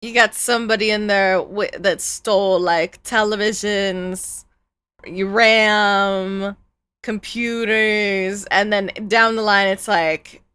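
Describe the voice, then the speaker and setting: A woman's voice: medium pitch, takes it slowly, clear, resonant tone, no echo. A woman streamer giving joking, rambling reaction commentary on a video, close to a streaming mic. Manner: joking, animated, rambling asides. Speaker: VTuber streamer.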